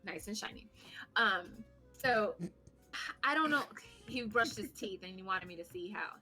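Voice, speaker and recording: A woman co-hosting a podcast who tells a story in a casual, animated way, swearing freely and poking fun at herself. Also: medium pitch, a little slow, faint music behind. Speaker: podcast co-host.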